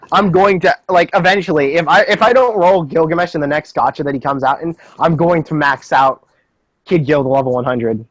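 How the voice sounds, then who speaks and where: A man's voice: fairly high pitch, moderate pace, dry recording, poor audio. Joking young man on a dry call. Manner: joking, sarcastic and rambling. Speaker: podcast host. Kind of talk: casual group chat over a voice call.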